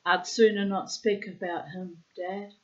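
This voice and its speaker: A woman reading aloud and voicing an earnest, reserved young man, in a slightly lower, restrained tone. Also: fairly even intonation, a little slow, muffled recording, natural voice.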